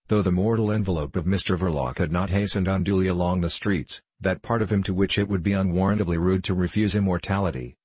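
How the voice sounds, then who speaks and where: A man narrating a classic novel as an audiobook, in a measured, formal way. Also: low voice, a little mellow, slightly rough, no echo.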